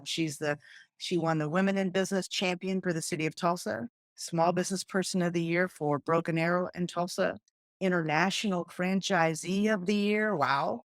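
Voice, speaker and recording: A woman's voice: fairly low pitch, dry recording, clean studio sound. A woman hosting an interview podcast, upbeat and effusive as she introduces and chats with her guest. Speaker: podcast host and coach. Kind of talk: casual interview chat.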